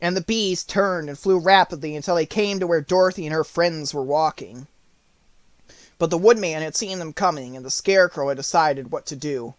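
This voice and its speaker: A man reading an audiobook, narrating the story in clear, even tones. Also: on the high side, moderate pace, no room sound.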